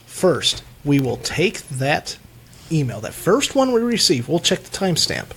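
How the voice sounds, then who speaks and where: A man's voice: on the high side, sing-song, unhurried, fairly bright tone, slight background noise. A man hosting a casual podcast, rambling loosely and laughing often. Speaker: podcast host. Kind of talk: casual chat.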